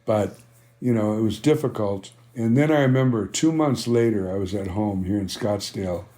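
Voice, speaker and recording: A mellow, lowish voice at normal speed belongs to an older man, a band founder, being interviewed. He tells meandering stories, often saying "you know," and voices the people in his old conversations.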